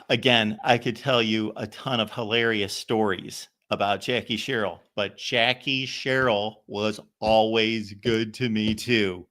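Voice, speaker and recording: A man hosts a call-in show in a bright, forward voice, middle of the range for pitch. He wanders from story to story, circling back with fillers and restarts. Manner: rambling, anecdotal, many fillers and restarts. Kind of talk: casual storytelling.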